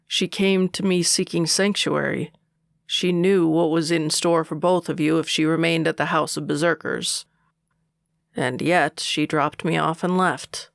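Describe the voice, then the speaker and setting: A man voicing an authoritative older male lord and worried father in an audiobook, speaking low and measured with a gravelly voice. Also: steady tone, fairly bright tone, dry recording, clean studio sound. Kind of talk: audiobook character dialogue.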